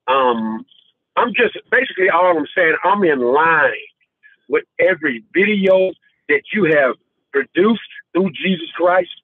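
A man calling in to an online fellowship and giving an earnest, halting testimony, getting emotional and near tears. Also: a little high, creaky, slightly rough, no room sound. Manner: earnest, halting, with many fillers and repeats. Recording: tinny phone line.

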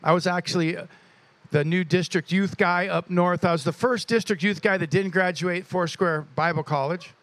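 Pastor, male, fairly high-pitched, lively church intro and prayer, dry close mic. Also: normal speed, dry recording. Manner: animated storytelling with laughs. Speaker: pastor introducing a guest speaker.

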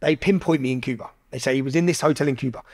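A man's voice: mid-range voice, very fast. A man from England, a podcast guest telling a story casually, with lots of swearing and quoted dialogue. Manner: heavy swearing, animated retelling with quoted dialogue.

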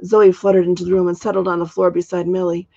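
Gravelly-voiced woman reading a storybook. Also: on the low side, highs cut off. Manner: steady, measured narration. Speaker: author reading her book.

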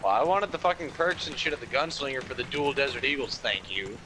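A German-born man talking over a shooter game in casual English, swearing freely and getting louder when frustrated. His voice sits in the middle of a man's range. Game noise clearly runs underneath. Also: mid-range voice, animated, fast talker, low-quality recording. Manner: swears a lot, gets loud when frustrated. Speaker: gamer. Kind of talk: casual gameplay chat.

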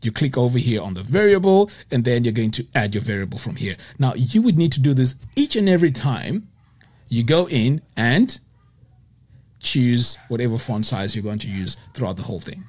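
Lively, husky man teaching web design. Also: mid-range voice, normal speed. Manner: explanatory, repeats "okay?" often. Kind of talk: screen-share software tutorial.

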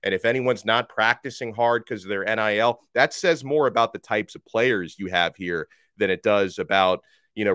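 A man's voice: lowish voice, fairly bright tone, no room sound, studio quality. A man hosting a sports podcast, reading listener tweets aloud and reacting frankly in a casual, chatty way. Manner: frank, conversational, reacts with laughs. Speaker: podcast host.

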